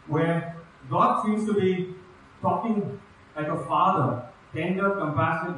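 A man with a fairly high voice preaches an earnest sermon, reading scripture and lifting his pitch on repeated invitations. He sounds far from the mic in a very echoey room, with a faint hum of ambience behind him.

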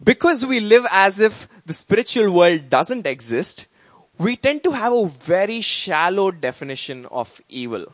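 A man preaching a sermon as pastor, earnest and conversational, with emphatic rises. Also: sits high.

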